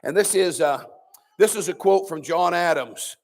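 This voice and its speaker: A man's voice: high-pitched, lively intonation, normal speed, creaky. A man, a pastor, teaching a Sunday school sermon in a preachy, conversational way with sarcastic asides.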